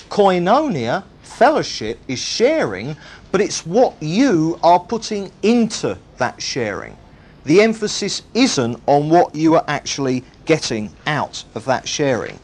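Emphatic man preaching, lively pitch. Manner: emphatic, repeats words for stress. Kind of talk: sermon.

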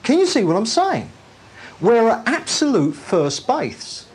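Slow, husky, lively-pitched preacher. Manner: emphatic, repeats key phrases and asks listeners rhetorical questions. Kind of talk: sermon.

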